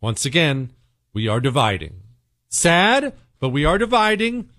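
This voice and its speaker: A man's voice: unhurried, no room sound, studio quality. A man hosting a talk radio show, delivering an opinionated, sarcastic monologue. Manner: sarcastic, animated, swings pitch for emphasis.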